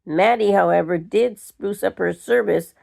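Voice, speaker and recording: An older woman reading a short story aloud in a slow, measured way. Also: medium pitch, vocal fry, darkish tone. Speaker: reader.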